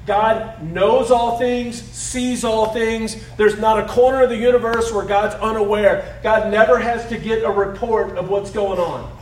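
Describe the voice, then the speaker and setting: A middle-aged male pastor delivers a conversational sermon with a fairly high voice. He moves between loud emphasis and soft, hushed asides. The sound is roomy and echoey, picked up from some distance away.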